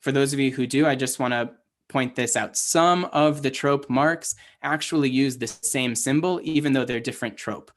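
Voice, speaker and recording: Man, mid-pitched voice, online class teacher, casual, halting, checks in with "right?". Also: fairly bright tone. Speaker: Hebrew teacher. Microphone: livestream.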